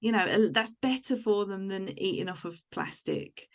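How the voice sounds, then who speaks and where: A woman's voice: mid-range voice, moderate pace. Chatty woman hosting a podcast. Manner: chatty, tells rambling home anecdotes. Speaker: podcast host. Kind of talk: casual chat.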